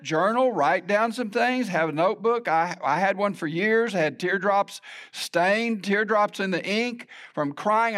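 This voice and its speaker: A man's voice: high-pitched, fairly bright tone. A middle-aged man preaching a sermon in a conversational, storytelling way with self-deprecating humor. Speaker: pastor.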